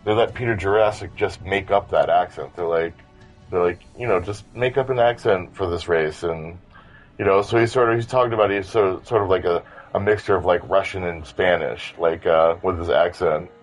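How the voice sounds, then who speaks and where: A man's voice: low-pitched, steady tone, normal speed, faint music behind. A man in a casual fan discussion, talking with enthusiasm and rambling through many restarts.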